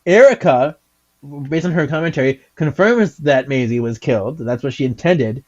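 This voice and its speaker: Man, podcast co-host, giggly, lively pitch, slightly high voice, dull lo-fi sound. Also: normal speed. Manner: giggly, animated, acts out lines in silly voices. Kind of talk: casual chat reading comics aloud.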